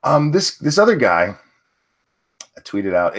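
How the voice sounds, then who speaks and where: A man's voice: on the low side, very animated, slow pace, long pauses. A man hosting a casual podcast chat, reading posts aloud and then ranting bluntly with some swearing. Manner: reads tweets aloud, then rants bluntly with profanity. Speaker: host.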